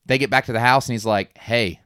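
A man's voice: mid-range voice, fairly even intonation, fast, sharp tone, clean tone, dry recording, studio quality. A man co-hosting a casual movie podcast, retelling scenes and acting out the characters' lines. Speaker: podcast co-host. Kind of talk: casual movie recap chat.

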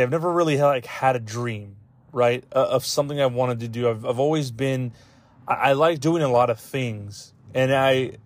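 A man chatting loosely on a podcast, swearing and rambling through fillers while he chokes up near tears. His voice sits at an everyday middle pitch. The sound is dry and close, with no room echo. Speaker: podcast host. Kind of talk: casual podcast chat.

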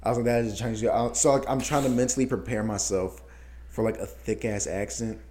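A man's voice: fairly low pitch, fast. Profane storytelling man, casual chat. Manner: animated, profane, laughing storyteller.

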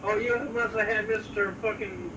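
A man's voice: high-pitched, fairly even intonation, normal speed. A man co-hosting a show, chiming in during casual chat with dry, teasing remarks. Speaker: podcast co-host. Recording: distant mic with background noise.

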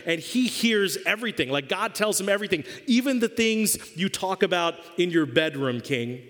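A man's voice: high voice, a bit bright, long reverb tail. A man preaching a sermon as pastor, conversational and jokey.

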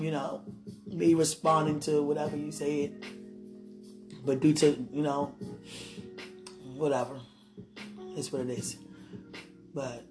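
A woman pours out an affectionate, rambling monologue to someone she loves, often stopping to ask whether he understands. She speaks indoors from her bed. Soft guitar music plays faintly in the background. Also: deep voice. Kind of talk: emotional monologue to a loved one.

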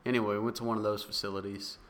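Young man, low voice, rambling laughing storyteller, casual chat, faint background noise. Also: level tone, racing, a bit bright.

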